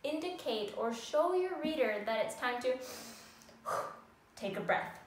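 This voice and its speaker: A woman's voice: high voice, lively intonation, takes it slowly, slight background noise. A woman teaching young children how to write sentences, speaking in a patient, sing-song way. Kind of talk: recorded classroom lesson for young children. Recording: echoey room, voice from a distance.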